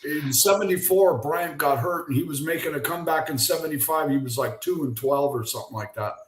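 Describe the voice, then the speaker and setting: A man's voice: a little high, brisk, reverberant, slight background noise, rough recording. An older man, a former ballplayer, telling stories casually on a video call and acting out the lines of the people in them. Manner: animated anecdote teller, acts out quotes. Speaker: guest, former baseball pitcher. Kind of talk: casual storytelling.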